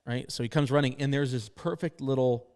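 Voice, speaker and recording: A man from northern Maine hosts a casual podcast chat. He tells long stories with animation, slipping into the voices of the people he quotes. His pitch sits in an ordinary middle range. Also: fairly quick, clear, resonant tone. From northern Maine, USA. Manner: animated storyteller, acts out quotes. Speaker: podcast host.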